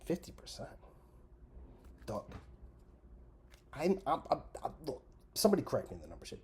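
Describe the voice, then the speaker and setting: A sarcastic man rants through a profane comic monologue, his mellow, dark voice swinging widely in pitch. He lurches from loud jabs to muttered, whispered asides. A faint hiss sits under the recording. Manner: animated, sarcastic, heavy swearing, trails into mutters and whispers. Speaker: podcast host. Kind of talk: profane comedic rant.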